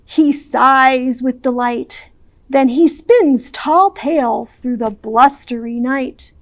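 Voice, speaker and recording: A woman children's librarian reading a picture book aloud at storytime, expressive and drawn out, with hushed shushes. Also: high-pitched, slow, no room sound. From Ohio, US.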